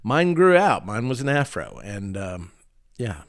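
A man's voice: lowish voice, big pitch swings, unhurried. A middle-aged man co-hosting a podcast, joking and teasing his partner in casual chat. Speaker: podcast co-host.

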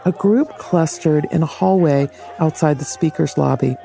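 A man reporting and analyzing events for a news program in a measured, explanatory way. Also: fairly high pitch, vocal fry, dark tone, soft background music.

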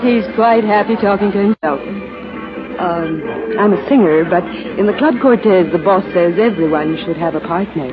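An actress playing a flirtatious nightclub singer, coy and teasing, in 1940s radio acting style. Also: female voice, on the low side, moderate pace, lightly acted. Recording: dull old radio recording with music behind.

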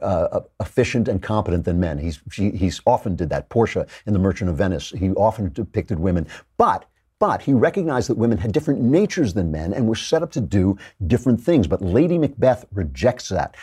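A middle-aged man hosting a commentary show, talking through literature with theatrical, animated delivery and dramatic readings of verse. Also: on the low side, breathy edge. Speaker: podcast host.

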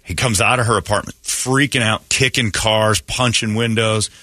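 Blunt, bright-voiced radio host. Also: male voice, on the low side, moderate pace, dry recording. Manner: blunt, storytelling, animated retelling. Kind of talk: casual talk radio banter. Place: radio studio. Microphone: studio mic. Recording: dry close studio sound.

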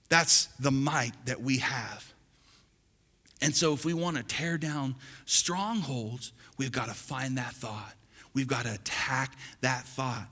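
A male pastor preaching a sermon, calling on the congregation to repeat after him and building to loud exhortation. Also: medium pitch, slow, long pauses, slightly rough. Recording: long hall reverb.

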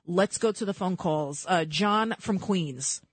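A woman's voice: lowish voice, slow, breathy edge, no room sound. A woman in her forties hosting a talk radio show, chatty and opinionated, rambling from one point to the next. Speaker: radio host. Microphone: studio mic.

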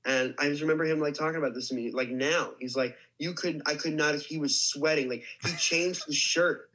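A man's voice: a little high, fairly even intonation, a little fast, sharp tone, low-quality recording. A young man, an actor, telling a story casually with lots of restarts and "like". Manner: rambling, many restarts and likes. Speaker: actor guest.

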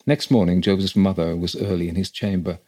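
Deep husky guy reading an old ghost story, slow and dramatic. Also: level tone, mellow. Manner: measured, dramatic delivery. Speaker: story reader.

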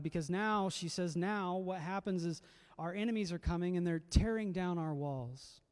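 A man's voice: sits high, normal speed, hardly any pauses, a little mellow, clean tone. A man preaching a sermon as a pastor, reflective and conversational, often repeating words as he goes.

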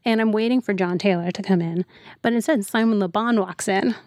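A woman's voice: medium pitch, a little fast, darkish tone, no room sound. Chatty woman telling stories, dry sound. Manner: chatty storyteller, many "like" fillers. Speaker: culture writer, podcast guest. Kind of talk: casual interview chat.

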